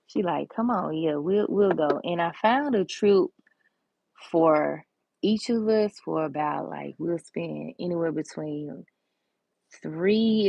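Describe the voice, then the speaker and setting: A woman talks in a low, gravelly voice, chatty and sassy with plenty of slang. She tells stories casually while working on nails, recorded close and dry. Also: darkish tone, no room sound. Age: 30s. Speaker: nail art vlogger.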